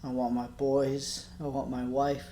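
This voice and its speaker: Halting, subdued man in an echoey room. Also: mid-range voice, completely flat delivery, dark tone, a little hiss or hum. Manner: halting and subdued, with many pauses and restarts. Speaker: vlogger. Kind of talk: personal video diary.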